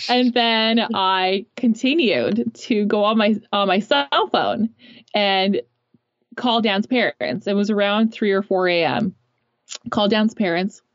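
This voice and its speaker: A woman's voice: mid-range voice, slow, no room sound. Chatty young woman telling a story. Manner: chatty, rambling, many fillers. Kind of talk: casual storytelling. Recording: dull lo-fi recording.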